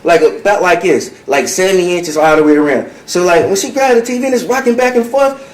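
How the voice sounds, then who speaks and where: A man with a high-pitched voice rushes through his account, acting out each line he quotes and piling on fillers as he goes. He sounds as if he is in an echoey room. A faint background noise hums underneath. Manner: acts out quoted dialogue, rambling with many fillers. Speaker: client preparing testimony. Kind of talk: animated storytelling.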